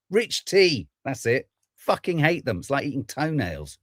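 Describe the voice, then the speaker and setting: A man's voice: medium pitch, sing-song, measured pace, no echo, clean studio sound. A man hosting a podcast, ranting through political commentary with plenty of swearing. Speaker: podcast host.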